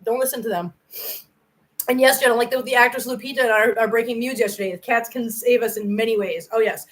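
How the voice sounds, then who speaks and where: A woman's voice: on the high side, fairly even intonation, brisk, low-quality recording. A middle-aged woman hosting a casual livestream and chatting with viewers in an earnest, effusive way. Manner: earnest and effusive, emotional when praising viewers. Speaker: cat channel livestream host. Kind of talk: casual livestream chat reading viewer comments.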